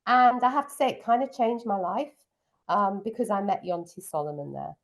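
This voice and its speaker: A middle-aged woman who teaches piano chats fondly about her student days in a casual interview, reminiscing with frequent ums. Her voice is medium in pitch and moderately paced.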